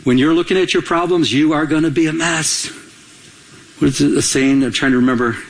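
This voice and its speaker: A man's voice: on the high side, fairly quick, poor audio. A man preaching as a pastor, emphatic, repeating key phrases and asking the congregation questions. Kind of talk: sermon.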